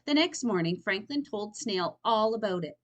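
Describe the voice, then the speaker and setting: A woman storyteller reading a picture book aloud to children, expressive and pausing to explain words. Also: mid-range voice.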